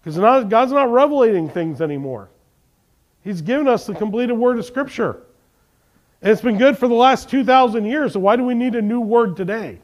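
A man preaching a sermon, reading scripture aloud and putting questions to the congregation, swinging from emphatic lines to quiet ones. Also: very high-pitched, animated, moderate pace. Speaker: pastor.

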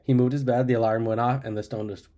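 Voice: mid-range voice, fairly even intonation, fast, dark tone. A podcast co-host telling stories in casual chat, laid-back and laughing at the punchlines.

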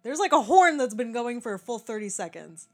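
Animated young woman chatting about a movie. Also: a little high, brisk. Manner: animated, laughs often, acts out quotes. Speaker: podcast co-host. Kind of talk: casual movie-review chat.

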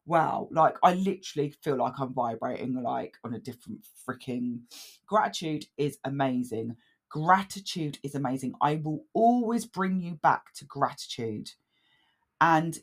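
A woman in her thirties hosting a solo wellbeing podcast, talking earnestly and enthusiastically with frequent swearing. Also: fairly low pitch. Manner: emphatic, swears freely, upbeat and earnest. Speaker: podcast host, wellbeing coach. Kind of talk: casual solo podcast monologue.

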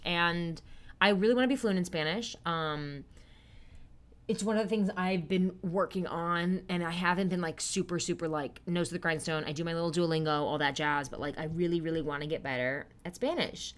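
Young woman, casual solo podcast host, lower-pitched, rambling and self-deprecating. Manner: chatty and upbeat, loses her train of thought, self-deprecating. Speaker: podcast host and stage performer.

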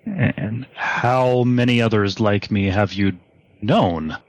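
Guy playing a tabletop game, kinda low voice, short measured answers, dry sound. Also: no room sound. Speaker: player. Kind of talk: tabletop game play, in and out of character.

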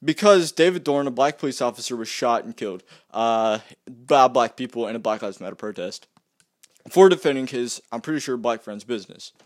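A man's voice: mid-range voice, fairly quick. A man delivering a heated, exasperated rant to camera, often repeating himself and restarting his sentences. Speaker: vlogger. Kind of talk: heated ranting monologue.

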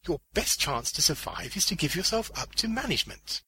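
A man's voice: a little high, sing-song, a little fast, bright, forceful tone, breathy edge, voice pushed up, heavily acted. Man voicing a wry cynical old man. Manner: matter-of-fact, dryly knowing.

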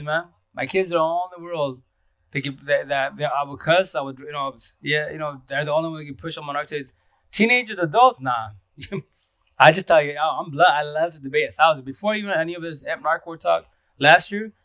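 Fast-talking man on a casual live stream. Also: on the high side, fairly bright tone, no room sound. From Seattle area. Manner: fast, rambling talk with restarts. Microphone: phone.

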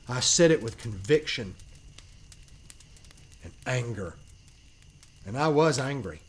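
A man narrating a first-person paranormal story as a podcast host, earnest and emphatic with dramatic pauses. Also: mid-range voice, lively intonation, slight background noise.

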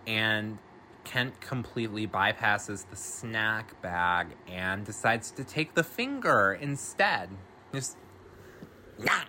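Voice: medium pitch, bright, forceful tone, slight background noise. A podcast host giving a casual film recap, rambling with lots of fillers and swearing freely.

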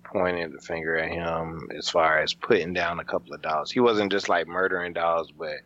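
A man on a podcast making laid-back, measured remarks in casual banter. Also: low-pitched, fairly even intonation, a bit bright, highs cut off.

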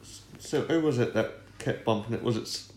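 A man's voice: mid-range voice, brisk, darkish tone. A man co-hosting a podcast, reading out listener comments and trading dry jokes in casual chat. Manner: reads listener comments, dry jokey banter. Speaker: podcast co-host. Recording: roomy echo.

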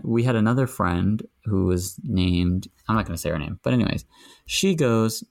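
Man, very low voice, gravelly, casual podcast guest, animated storyteller. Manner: animated storytelling, rising pitch when indignant.

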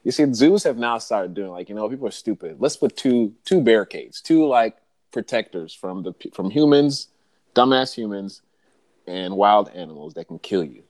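A man with a somewhat low voice tells a story on a casual podcast. He jokes and swears freely and laughs at his own lines, and he slips into other voices as he goes. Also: animated, normal speed, darkish tone, no room sound. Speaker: podcast host.

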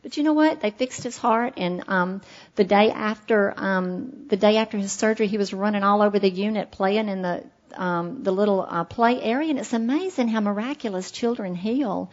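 A woman's voice: mid-range voice, moderate pace, highs cut off. Earnest woman telling her story. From Alabama, USA. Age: middle-aged. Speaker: speaker sharing her recovery story. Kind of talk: personal testimony at a meeting.

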